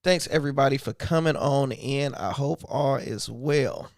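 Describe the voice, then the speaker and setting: A man from Michigan hosting a casual livestream, his voice a little hoarse, talking loosely and reading from his notes. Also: mid-range voice, measured pace, no echo, clean studio sound. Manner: loose and conversational, reads aloud from notes. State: slightly hoarse voice. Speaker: YouTube livestream host.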